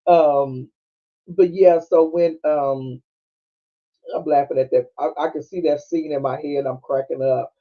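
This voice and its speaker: A high-pitched man hosts a casual podcast, chatting through a movie scene by scene with a Black flavor. He acts out the characters' lines and breaks into laughter often. The sound is a bit dull and lo-fi. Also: measured pace. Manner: animated storytelling with frequent laughing and quoted voices. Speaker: podcast host. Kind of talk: casual movie recap chat. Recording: dull lo-fi streaming audio.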